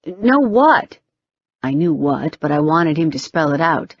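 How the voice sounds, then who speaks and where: A woman narrating a first-person fiction audiobook with wry, brisk storytelling. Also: low-pitched, flat delivery, no room sound. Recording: slightly dull, dry recording.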